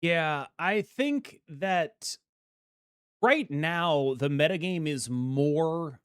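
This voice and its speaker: A man co-hosting a gaming podcast, talking in an animated, jokey way. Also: fairly high pitch, drawn-out words, clear, resonant tone, no echo, studio quality. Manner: animated, jokey, breaks into an announcer voice. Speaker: podcast co-host. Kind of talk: casual gaming podcast chat.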